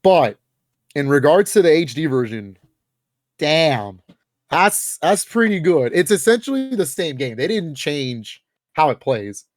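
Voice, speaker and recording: Speaking a little high, this young man co-hosts a podcast from a dry, clean studio. The conversation is relaxed but lively, loaded with fillers and short laughs.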